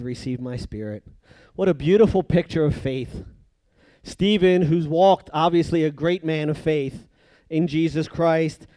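Preacher, male, higher-pitched, dry close recording, emphatic swings from forceful to hushed. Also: clean tone, dry recording. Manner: swings between loud emphatic passages and hushed, drawn-out phrases. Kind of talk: sermon.

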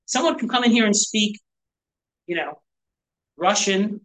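A man delivers a sermon in an easy, conversational way, as a pastor addressing a small church group. He keeps checking in with the room through rhetorical questions and quick tags like "right?", and moves between teaching and personal asides. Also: high voice, expressive, fairly bright tone, poor audio. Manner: rhetorical questions, frequent "right?" and "you know". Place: church gathering.

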